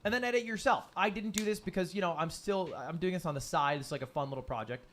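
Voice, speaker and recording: A man narrating his own vlog with confident, energetic delivery, heard as a clip played on a livestream. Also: sits high, fast, a little hiss or hum. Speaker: YouTuber explaining his channel challenge.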